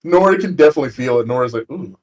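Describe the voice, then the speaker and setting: A man playing a tabletop game, joking in quick bursts with the group. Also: fairly high pitch, expressive, a little mellow, low-quality recording. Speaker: player. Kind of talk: casual tabletop game chat.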